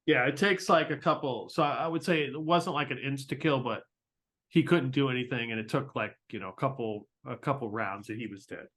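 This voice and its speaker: A man's voice: mid-range voice, fairly quick, fairly bright tone. Easygoing man as game master. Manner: easygoing, filler-heavy rulings. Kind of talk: narrating a tabletop game.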